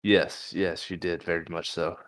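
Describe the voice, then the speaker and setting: A relaxed young man hosting a casual podcast chat, swearing freely and laughing between thoughts. His voice sits on the low side and sounds close and dry, with no room around it. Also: normal speed, dry recording. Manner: laid-back, swearing, laughing often. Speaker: podcast host.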